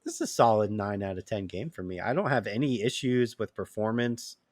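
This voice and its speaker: A man's voice: fairly low pitch, fairly quick, a little mellow, dry recording. A man co-hosting a gaming podcast, chatting casually, peppering his talk with "like" and laughing at himself. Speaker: podcast co-host. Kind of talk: casual chat.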